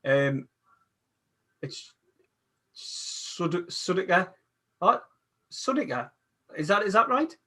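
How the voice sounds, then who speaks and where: A man's voice: high voice, expressive, extremely slow, pauses often, sharp tone. A man, hosting a casual football chat and stumbling over restarts as he reads viewer comments aloud. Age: 40s. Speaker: podcast host.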